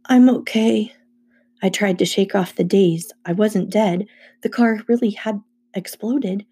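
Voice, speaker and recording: A woman reading a first-person novel aloud with brisk storytelling. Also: mid-range voice, fairly even intonation, dark tone, breathy edge. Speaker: audiobook reader.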